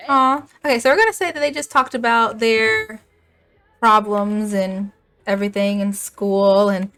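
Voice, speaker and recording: A woman's voice: mid-range voice, unhurried, smooth, faint music behind. Chatty young woman narrating gameplay. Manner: chatty, animated, laughs often. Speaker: gaming YouTuber.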